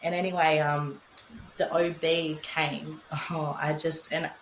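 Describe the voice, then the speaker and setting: A woman's voice: deep voice, flat delivery, slow, slight background noise. A young adult Australian woman, a podcast guest, telling her story frankly and emotionally, swearing freely and acting out what she said. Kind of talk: candid conversational storytelling. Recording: roomy echo with faint ambience.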